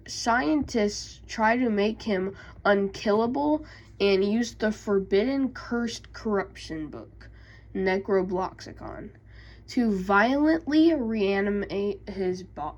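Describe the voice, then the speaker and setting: Slow, hesitant woman recapping game lore. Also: mid-range voice, highs cut off. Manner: hesitant, many fillers and self-corrections. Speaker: YouTube creator.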